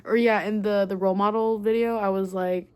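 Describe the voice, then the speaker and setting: A young woman recapping a book in a casual, excitable rant, swearing freely and filling her talk with "like" and "um". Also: medium pitch, a little fast, clean tone. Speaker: book vlogger.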